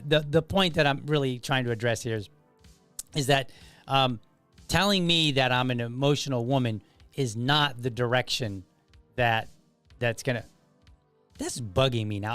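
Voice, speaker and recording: A man's voice: mid-range voice, normal speed, long pauses, fairly bright tone, soft background music. A man hosting his podcast, talking through comments in a loose, conversational way full of restarts and asides. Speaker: podcast host. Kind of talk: casual solo commentary.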